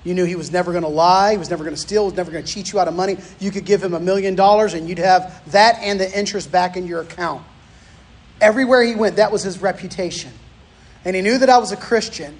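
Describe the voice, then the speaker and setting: A man preaches with a fairly high voice. He moves between folksy personal anecdotes and teaching points, animated and storytelling. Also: quick pace. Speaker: pastor. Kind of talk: sermon with personal stories.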